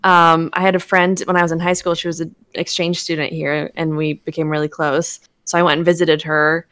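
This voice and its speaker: A woman's voice: sits low, little pitch movement, a little fast, fairly bright tone, no room sound. A young woman chatting casually on a show, rambling with fillers and laughing often. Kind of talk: casual chat.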